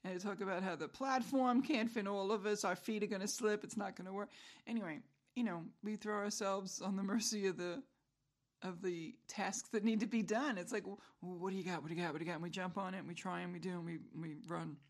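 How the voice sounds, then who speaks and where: A woman's voice: mid-range voice, fairly even intonation, brisk. A middle-aged woman hosting a solo podcast, rambling through a casual monologue with self-mocking humor and frequent chuckles. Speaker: podcast host.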